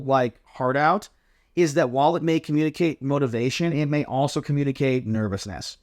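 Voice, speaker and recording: Man coaching, slightly high voice. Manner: explains step by step, demonstrates sample answers. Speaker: drill team coach. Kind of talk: casual instructional chat.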